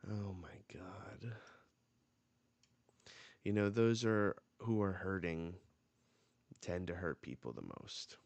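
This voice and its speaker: Slow, low-voiced man reacting to manga. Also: lively intonation, creaky, darkish tone, clean tone, no room sound. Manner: reads dialogue aloud with quick reactions. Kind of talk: live reading reaction.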